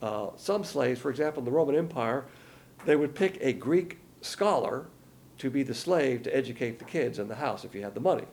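A man's voice: mid-range voice, expressive, brisk, darkish tone. A man giving a folksy, rambling verse-by-verse Bible lesson, with many fillers along the way. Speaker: Bible teacher.

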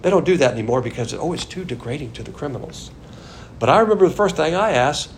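An older man from the American South teaching a Bible sermon, swinging between loud emphasis and quiet asides. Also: fairly high pitch, lively intonation, quick pace, slight background noise. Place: Texas.

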